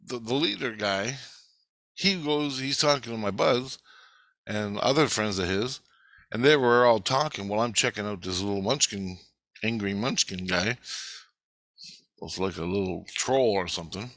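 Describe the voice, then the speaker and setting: A man casually retelling a dream in a rambling, profane, animated way. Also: fairly low pitch, normal speed, no room sound.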